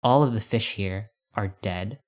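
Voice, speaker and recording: A man's voice: fairly low pitch, measured pace, lightly acted. A man voicing a pompous old tour guide in colonial dress, read from a text adventure. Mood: proud lecturing. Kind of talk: reading a text adventure aloud.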